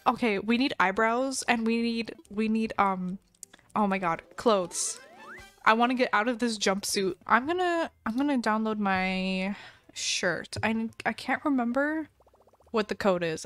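A woman streamer talks through her game live, excitable and quick to giggle. Her voice sits a little high. She gushes and chatters to her viewers as she plays. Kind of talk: live gameplay commentary.

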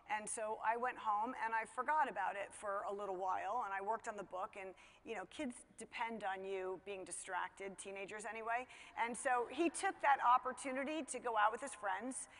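A middle-aged woman telling a personal story about her son in a relaxed, conversational way, full of "you know" and self-mocking laughs. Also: medium pitch, moderate pace, hardly any pauses. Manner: conversational, chatty, many fillers like "you know", laughs at herself. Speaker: speaker telling a parenting story. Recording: long hall reverb.

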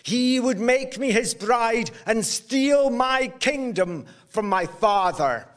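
A man voicing a soft-spoken undersea princess. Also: extremely high pitch, lively intonation, slow, exaggerated voice. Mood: urgent. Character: young female princess from under the sea, pleading.

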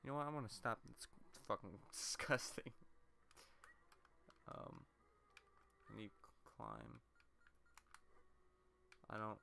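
A young man narrating his own gameplay with a gravelly edge. His voice is lively and jumps around in pitch, and he rambles, swears constantly, and gets frustrated quickly. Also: a little hiss or hum. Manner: profane, rambling, easily frustrated. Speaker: let's play host. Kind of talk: let's play commentary.

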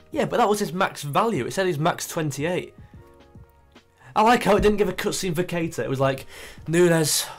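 Chatty young man narrating gameplay. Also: a little high. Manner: chatty, excitable, thinks aloud. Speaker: gaming YouTuber. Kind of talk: casual gameplay commentary.

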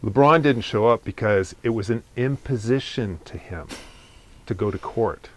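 A man's voice: lowish voice, moderate pace. A man hosting a podcast in casual chat, joking dryly and leading into the news. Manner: dry, deadpan joking, leads into the news topics. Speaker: podcast host.

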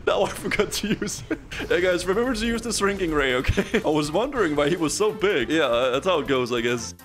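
A young man chats his way through a game session in a playful, joking manner, his voice bouncing around a lot. He sits on the higher side for a man, with faint music under him. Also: animated, brisk. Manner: playful, jokey, addresses viewers as guys. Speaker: gaming video host. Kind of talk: casual gameplay commentary.

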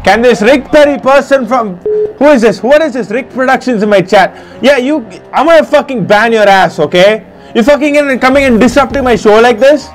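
A man's voice: extremely high pitch, brisk, soft background music. A man playing a hot-tempered tech support hotline host, ranting and swearing in a comedic rant. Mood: furious.

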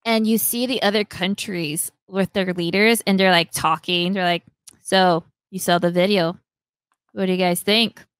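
A young woman hosting a podcast, animatedly retelling a story, acting out lines in quick voices and laughing often. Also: lowish voice, steady tone, fairly bright tone, clean tone, dry recording. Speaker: podcast host. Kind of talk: casual chat retelling a story.

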